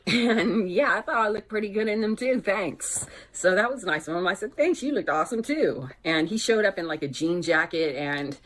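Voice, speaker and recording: A woman's voice: mid-range voice, animated, normal speed, hardly any pauses, fairly bright tone. A woman vlogger telling candid dating stories in a casual, conversational storytime way. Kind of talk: chatty storytime vlog.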